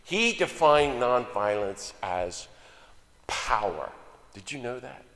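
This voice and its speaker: Animated older man preaching in a church hall. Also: mid-range voice, takes it slowly. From United States. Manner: animated, jokey, swings between loud exclamations and soft asides. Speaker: guest preacher. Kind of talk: sermon. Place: church sanctuary. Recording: long hall reverb.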